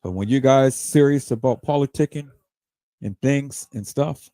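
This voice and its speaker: Speaking at a moderate pace, this livestream host has a warm, mid-range voice recorded without echo. He launches into a heated, profanity-laced rant, tripping over and repeating his words.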